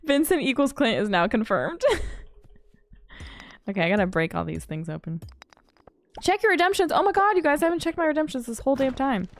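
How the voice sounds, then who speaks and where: A young woman streaming a farming game, chatting casually with her viewers, bubbly and quick to laugh. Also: high voice, sing-song. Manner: bubbly and giggly, quoting movie lines. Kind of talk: casual gaming stream chat.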